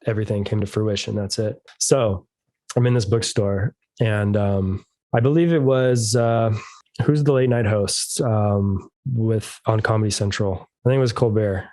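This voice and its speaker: A man in his thirties chats on a podcast, his stories delivered in a flat, deadpan monotone. His voice sits lowish and mellow. The sound is dry and close. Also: unhurried, dry recording. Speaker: podcast guest, musician. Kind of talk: casual storytelling chat.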